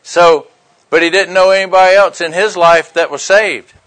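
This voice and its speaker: Male preacher, highish voice, lively storytelling sermon. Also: normal speed, poor audio. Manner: animated storyteller acting out dialogue. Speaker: pastor.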